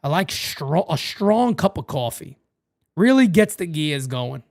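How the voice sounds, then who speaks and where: A man hosting a live-stream watch party, calling the baseball game and chatting with viewers in a casual, excitable way. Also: a little slow. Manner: animated, jumps into high excited calls then drops low and quiet.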